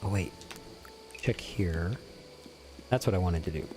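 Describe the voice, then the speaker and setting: A man's voice: sits low, a little slow, music in the background. A young man streaming a game, chatting casually and teasing his viewers as he reads their messages aloud. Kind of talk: casual gameplay commentary.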